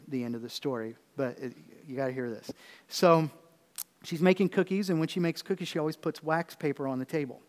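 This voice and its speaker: A male preacher giving a sermon, explaining scripture with humorous asides and rhetorical questions. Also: fairly high pitch. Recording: echoey hall.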